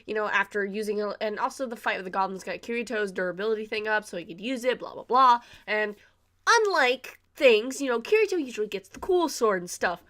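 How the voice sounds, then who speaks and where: A young woman hosting a casual anime review video, bubbly and excitable, giggling and acting out her own reactions as she talks. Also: medium pitch, a little fast. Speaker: anime reviewer, channel host.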